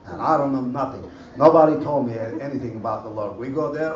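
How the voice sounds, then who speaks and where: A man giving an animated personal testimony at a church conference, in broken English. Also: mid-range voice, unhurried, few pauses, a crowd in the background. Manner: animated storytelling, broken English, laughs often. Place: conference hall. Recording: roomy hall, far mic, dull lo-fi, faint noise.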